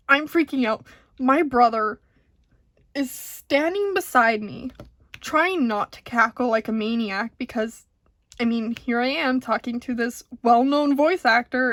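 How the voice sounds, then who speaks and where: A young woman vlogger telling a convention story in a casual, excitable, giggly way, jittery from caffeine. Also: high voice, no echo. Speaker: diamond painting vlogger.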